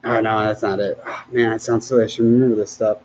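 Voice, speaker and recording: A man hosting a casual livestream, reading viewer comments aloud in a relaxed way, often laughing and trailing off mid-sentence. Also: on the low side, quick pace, muffled recording, a little hiss or hum.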